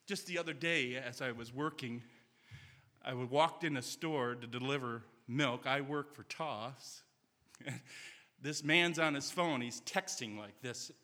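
A man's voice: medium pitch, slow, pauses often, bright, forceful tone, big-room sound. A man preaching a sermon in a church sanctuary, earnest and telling stories with quoted dialogue.

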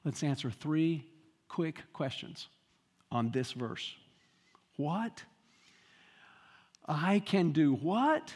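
A man's voice: fairly high pitch, very animated, very slow, long pauses, a little mellow, long reverb tail. A man preaching a sermon as pastor, emphatic and full of rhetorical questions and repetition.

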